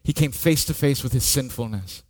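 Man preaching slowly with dramatic swings. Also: mid-range voice, no room sound, studio quality. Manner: slow, dramatic preaching that swings from soft to loud. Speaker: pastor. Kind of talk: sermon.

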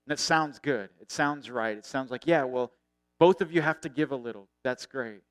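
A middle-aged man preaching a sermon earnestly, raising his voice and then dropping to a hush. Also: medium pitch, normal speed, dry recording. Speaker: pastor.

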